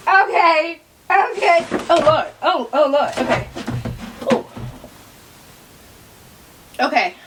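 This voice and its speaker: A woman vlogging an unboxing, chatty and full of slang, excitedly talking to herself and her viewers, breaking into laughs and whispers. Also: high-pitched, slight background noise. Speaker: fashion vlogger.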